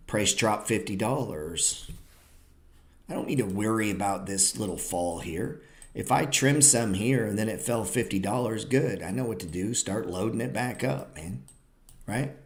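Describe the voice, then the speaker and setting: Blunt, profane low-voiced male trading teacher. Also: moderate pace. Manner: blunt, profane, lecturing, often sarcastic. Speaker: trading educator and show host. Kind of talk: live-streamed trading class.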